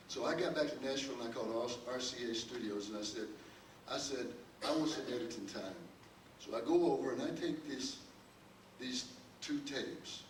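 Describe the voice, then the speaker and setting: A man's voice: mid-range voice, a little hiss or hum. An older man, a guest on a panel, telling a long anecdote with many restarts. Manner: rambling, full of restarts, chuckling storyteller. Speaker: panel guest, record producer. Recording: echoey hall, distant mic, faint ambience.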